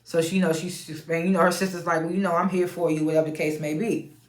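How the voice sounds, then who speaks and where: A woman's voice: fairly low pitch, fairly even intonation, fast talker, roomy sound. A woman casually recapping a reality show episode, chatty, laughing often and retelling scenes in quoted voices.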